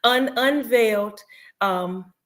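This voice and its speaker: Bright-voiced woman in her forties. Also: fairly high pitch, slow pace. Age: 40s. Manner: candid, emphatic, preachy at times. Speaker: podcast co-host. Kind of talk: casual podcast chat.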